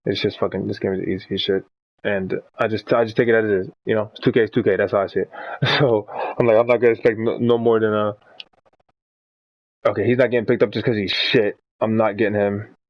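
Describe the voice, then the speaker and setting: A man's voice: on the low side, level tone, fast, no room sound, highs cut off. A man streaming a video game, chatting casually in a rambling, profane way. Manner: rambling and profane, full of fillers. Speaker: gaming streamer. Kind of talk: casual chat while playing a video game.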